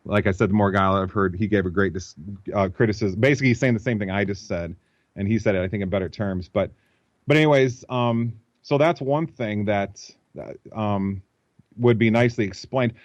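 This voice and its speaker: Low-voiced man explaining over a dull line. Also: fairly quick, no echo. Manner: thinks aloud, explaining at length. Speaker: guest. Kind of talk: explanatory interview talk over a call. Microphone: computer mic.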